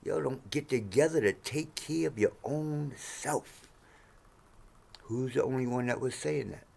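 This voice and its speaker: A man in his sixties ranting to camera in a profane, heated monologue, swinging between low mutters and sudden shouts. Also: unhurried, creaky. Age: 60s. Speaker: vlogger.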